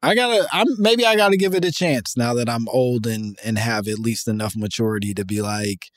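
A man's voice: mid-range voice, fairly quick, hardly any pauses, dry recording. A young man co-hosting a casual podcast, laid-back and profane, laughing often. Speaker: podcast co-host.

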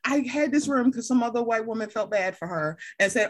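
A woman's voice: a little high, expressive, brisk. A woman hosting a casual chat, passionate and blunt, swearing freely and acting out the people she quotes. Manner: vividly acts out quoted people.

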